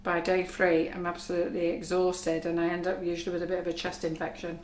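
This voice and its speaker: Husky woman demonstrating baking. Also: fairly low pitch, completely flat delivery, quick pace. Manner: chatty, reassuring, talks while working. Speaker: cake decorating instructor. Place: kitchen. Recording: echoey kitchen with faint noise.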